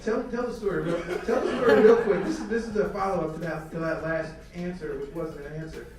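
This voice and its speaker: A man's voice: on the high side, fairly even intonation, quick pace, distant mic, a crowd in the background. Upbeat man firing off quiz questions. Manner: stammering repeats, upbeat. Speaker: interviewer. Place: film festival event. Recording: echoey, off-mic, music behind.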